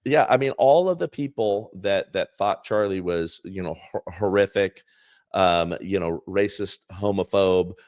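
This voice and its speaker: A man with a fairly low voice talks in a loose, rambling way, full of fillers and restarts. He co-hosts a casual political chat show. The sound is dry and close. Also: unhurried, darkish tone, no echo. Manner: rambling, many fillers and restarts, acts out quoted people. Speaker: co-host.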